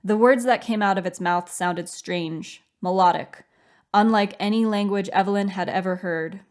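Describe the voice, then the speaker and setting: A woman reading her own novel aloud as audiobook narration, in a measured, steady storytelling manner. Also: mid-range voice.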